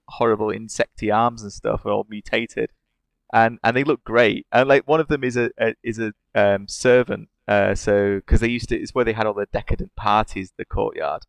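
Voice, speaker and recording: Male podcast co-host, low and gravelly, enthusiastic. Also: no echo. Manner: enthusiastic, laughing often. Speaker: podcast co-host discussing games. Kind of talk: casual chat.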